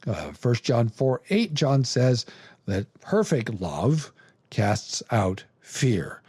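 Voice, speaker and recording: Male podcast host teaching scripture, mellow and raspy, dry close sound, measured delivery with frequent restarts. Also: medium pitch, big pitch swings, dry recording. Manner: measured, halting, lots of fillers and restarts.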